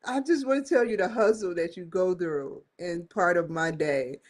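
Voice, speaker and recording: A woman's voice: fairly low pitch, moderate pace. A woman hosting a casual live stream, rambling and slangy, often giggling as she talks. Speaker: host.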